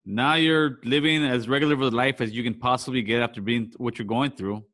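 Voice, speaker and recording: A man's voice: mid-range voice, steady tone, a little fast, a bit bright. A man hosting an interview who talks in a laid-back, slangy way and mostly gives short replies. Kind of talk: casual interview.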